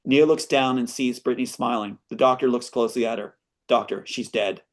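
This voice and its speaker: A man reads his own screenplay aloud as an interview guest, pausing for earnest asides. His voice sits at an ordinary middle pitch. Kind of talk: reading and commenting on his screenplay.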